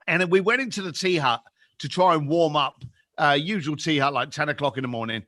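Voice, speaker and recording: A man in his fifties with a London accent, a podcast guest telling animated stories and acting out the voices in them. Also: fairly high pitch, brisk. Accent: London English. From England. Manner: lively, acts out voices in anecdotes. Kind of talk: animated storytelling.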